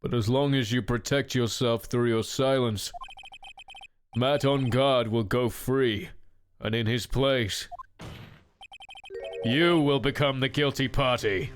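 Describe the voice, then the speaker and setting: A man voicing a stern, solemn male prosecutor, speaking slowly and deliberately. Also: medium pitch, soft background music, close to an everyday voice. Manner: slow, deliberate delivery.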